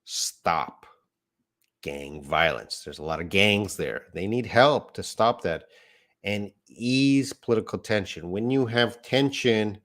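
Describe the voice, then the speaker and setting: A man's voice: lowish voice, lively intonation, slow, fairly bright tone. A man teaching a live online English lesson, explaining words patiently and reading out viewer comments.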